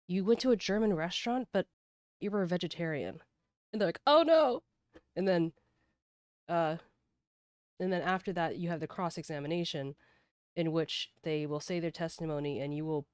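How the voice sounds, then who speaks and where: A woman's voice: sits low, darkish tone, smooth, no room sound, clean studio sound. A woman streamer chatting casually as she plays, rambling through explanations of the game. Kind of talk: casual gameplay commentary.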